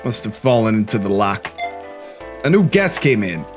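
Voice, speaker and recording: A man's voice: on the low side, sing-song, moderate pace, music in the background. A man voicing a bossy middle-aged diner owner in a game, in a raised, pushy voice that calls his waitress "love".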